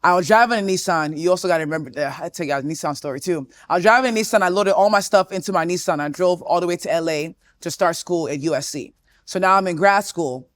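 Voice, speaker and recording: A woman in her twenties, a guest in a casual interview, telling her story with animated energy. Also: on the low side, quick pace, no room sound. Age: 20s. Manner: animated storytelling, often acting out quotes.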